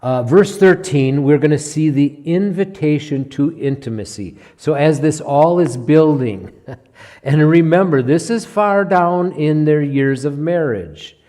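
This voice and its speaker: A man's voice: a little high, animated, measured pace, dark tone. A man preaching as a pastor in a church, teaching verse by verse in a conversational way and often checking in with "okay?".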